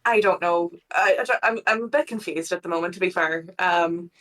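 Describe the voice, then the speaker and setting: A woman's voice: on the low side, fairly quick, fairly bright tone. A woman with an Irish accent, improvising in a tabletop game with a chatty, unsure manner. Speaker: player. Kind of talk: improvised role-play.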